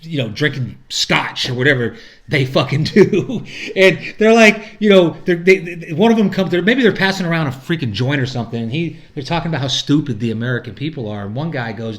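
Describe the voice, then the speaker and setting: A man's voice: a little high, very animated, fairly quick, a bit bright. A middle-aged man ranting casually to camera, rambling and profane, acting out the people he quotes. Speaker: vlogger. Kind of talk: casual rant.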